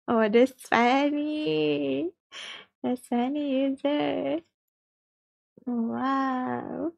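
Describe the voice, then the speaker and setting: A woman's voice: high voice, gravelly, a little mellow, no echo, dull audio. A woman livestreaming a mobile game, chatting casually with viewers, reading chat aloud and giggling often.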